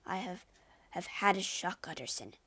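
A man's voice: sits high, measured pace. A woman voicing a shaken, frightened male doctor who speaks in a trembling voice, in a storybook reading. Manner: trembling, fearful.

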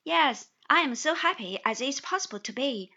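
A woman's voice: high-pitched, expressive, moderate pace, bright, forceful tone, exaggerated voice. A woman voicing an earnest, chatty young married man who drops into confidential tones, on slightly dull audio. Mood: eager. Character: cheerful young man, newly married lawyer.

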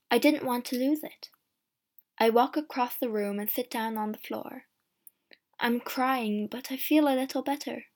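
A woman narrating a first-person storybook slowly and clearly. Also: fairly high pitch. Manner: slow, clear and deliberate. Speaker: audiobook narrator.

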